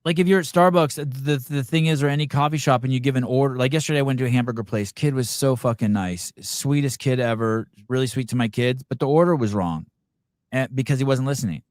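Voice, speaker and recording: A man's voice: mid-range voice, fast, a little mellow, no room sound, clean studio sound. A man hosting a podcast, chatting casually with a guest, swearing now and then. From California. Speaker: podcast host.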